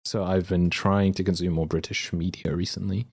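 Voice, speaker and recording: A young man livestreaming, chatting casually and excitably with viewers and reading chat aloud. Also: low-pitched, moderate pace, creaky, slightly rough. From Australia.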